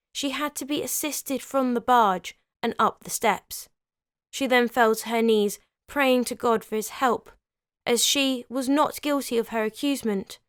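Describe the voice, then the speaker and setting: Woman, history storyteller, conversational narration, fairly high voice, dry close sound. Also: fairly bright tone, clean tone, no room sound. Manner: conversational with chatty asides. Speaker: history video host.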